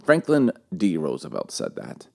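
A man in his forties co-hosting a casual talk, an animated storyteller who repeats phrases for emphasis. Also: extremely low pitch, normal speed, gravelly. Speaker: podcast co-host. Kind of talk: casual chat with teaching.

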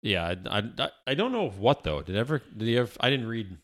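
A man's voice: mid-range voice, sing-song, fast, fairly bright tone. A man hosting a podcast in casual chat, rambling with frequent restarts and casual swearing, recorded in an office. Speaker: podcast host.

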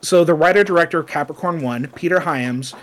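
A man's voice: fairly high pitch, brisk, fairly bright tone. A man co-hosting a casual podcast chat, talking loosely with many fillers and asides as he reads from his notes. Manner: chatty, lots of fillers and asides. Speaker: podcast co-host.

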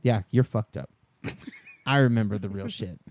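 A man's voice: fairly low pitch, normal speed, darkish tone. A man in his thirties co-hosting a casual chat, swearing loosely and laughing often. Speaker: podcast co-host.

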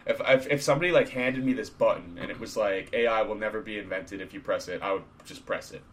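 A man's voice: lowish voice, fast, slight background noise. A man co-hosting a casual podcast chat, laid-back and swearing freely as he retells stories. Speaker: podcast co-host.

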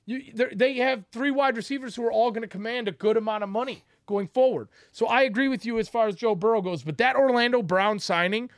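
High-voiced man breaking down football. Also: fast, hardly any pauses, no echo, clean studio sound. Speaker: sports podcast co-host. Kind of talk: casual sports debate.

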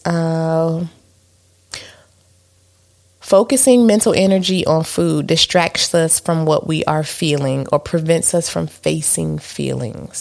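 A woman's voice: sits low, vocal fry. A woman co-hosting a podcast in casual chat, talking candidly and with self-deprecating humor, with plenty of ums and likes. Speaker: podcast co-host.

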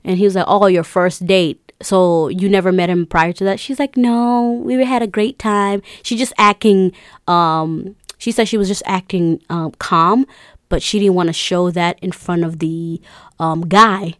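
A woman's voice: on the low side, fairly even intonation, measured pace, no echo. Woman, casual storyteller, chatty with fillers, dry close sound. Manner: chatty, retells with quoted voices and many fillers.

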